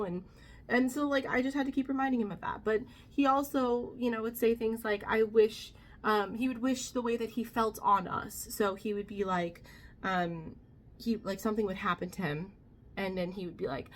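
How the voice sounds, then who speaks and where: Young female vlogger, middle pitch, candid, rambling storytelling. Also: fairly even intonation, normal speed. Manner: candid, many fillers, quotes others in her own voice. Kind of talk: casual storytelling to camera.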